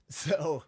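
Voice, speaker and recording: A man's voice: high-pitched, dark tone, slightly rough. A middle-aged man from Chicago telling a long, rambling story on a podcast in a basement. He swears freely and acts out what people said.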